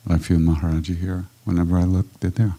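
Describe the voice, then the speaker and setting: A man's voice: low-pitched, little pitch movement, quick pace, slightly rough. An older man telling stories in a casual, conversational way during a live retreat Q&A. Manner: warm anecdotal storytelling, casual and conversational. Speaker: kirtan teacher answering questions. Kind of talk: storytelling talk at a retreat Q&A. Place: ashram hall at a live retreat.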